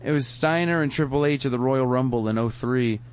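A man's voice: medium pitch, a little fast. A man in casual chat, telling stories to friends and laughing often.

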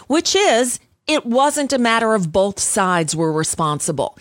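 A woman's voice: fairly low pitch, a bit bright, dry recording, studio quality. Blunt, sarcastic woman talk host. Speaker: radio talk show host. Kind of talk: opinionated talk radio commentary.

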